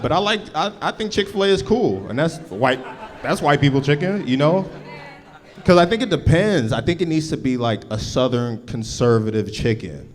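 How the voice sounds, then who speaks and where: A male stand-up comic from Los Angeles, working a live crowd. His punchlines come out loose and laid-back, and his talk is full of slangy asides. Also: fairly high pitch. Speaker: stand-up comedian. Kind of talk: stand-up comedy set. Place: live comedy show before an audience.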